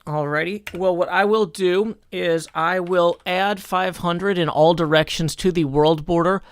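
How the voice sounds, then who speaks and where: Streamer man with a fairly high, smooth voice, running things like a formal court. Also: fairly even intonation. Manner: measured, mock-formal like a judge. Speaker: streamer hosting a game server. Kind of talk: casual livestream chat.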